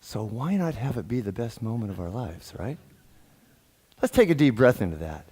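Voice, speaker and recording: A man's voice: mid-range voice, normal speed, breathy edge. A man giving a sermon as a guest minister, telling jokes and stories, laughing often and acting out the dialogue in his stories. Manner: animated, laughs often, acts out quoted dialogue. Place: church sanctuary. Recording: long hall reverb.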